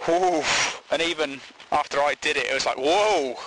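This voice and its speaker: Man, comic monologue, crude rambling, laughs often, slightly higher voice, hiss behind. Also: fairly even intonation, fairly quick, pushed and bright, rough recording. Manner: rambling, laughing at his own jokes, crude. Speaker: podcast host.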